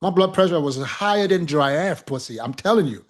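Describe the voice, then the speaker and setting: Profane animated storyteller, man. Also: fairly high pitch, a little fast. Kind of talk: casual storytelling chat.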